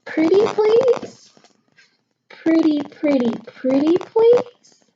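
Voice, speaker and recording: A woman voicing a gentle, coaxing mother in a children's storybook, pleading in a sweet sing-song way. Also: very high-pitched, big pitch swings, very slow, pitched above the performer's own voice, heavily acted. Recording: dull lo-fi audio with noticeable noise.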